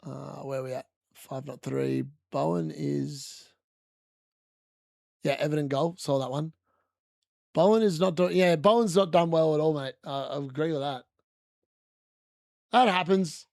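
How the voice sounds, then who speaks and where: Excitable high-voiced man streaming. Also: a little slow, vocal fry, long pauses, no echo, studio quality. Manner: excitable, chatty, laughs often; corrects himself mid-sentence. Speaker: fantasy football streamer. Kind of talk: live watch-along commentary.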